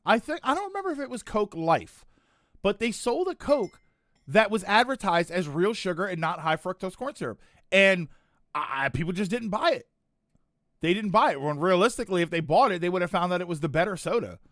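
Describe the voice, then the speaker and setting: Casual male streamer, higher-pitched, meandering and self-correcting delivery, dry close mic. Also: a bit bright, no echo. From United States. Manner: rambling, self-correcting, chuckling asides. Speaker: streamer chatting with viewers. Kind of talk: casual chat reading chat comments.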